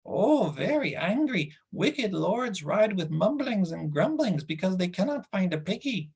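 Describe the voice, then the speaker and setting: A squeaky, whining hairy forest creature, begging and wheedling in strange rhyming words. The voice sits far above a grown man's usual pitch and keeps a husky edge. It sounds like a storybook beast cringing for a treat. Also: very animated, a little slow, darkish tone, heavily acted. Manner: speaks in odd rhyming '-ings' words, wheedling. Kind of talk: audiobook character voice.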